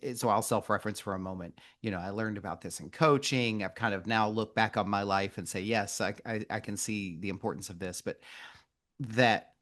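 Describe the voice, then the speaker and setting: A man hosting a podcast and working as a coach, asking reflective interview questions in a measured, thoughtful way, slowing on key words with small restarts. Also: on the low side, fairly even intonation, a bit bright.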